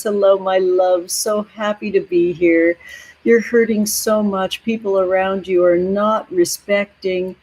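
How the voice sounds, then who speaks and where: A woman hosting a tarot livestream, chatting warmly with viewers from home, gentle and emotional, calling everyone honey and sweetheart. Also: medium pitch, low-quality recording. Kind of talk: casual livestream chat with viewers. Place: home near the ocean.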